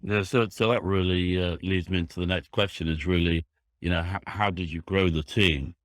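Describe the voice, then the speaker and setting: A man's voice: low voice, fairly even intonation, moderate pace, no room sound, studio quality. A man with a Yorkshire accent hosting a business podcast, asking chatty, enthusiastic, rambling questions. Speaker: podcast host.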